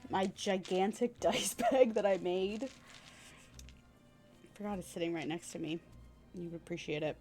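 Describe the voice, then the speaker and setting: A woman's voice: lowish voice, moderate pace, long pauses, darkish tone, soft background music. Laughing woman streamer. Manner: laughing, blunt asides. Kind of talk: casual game commentary.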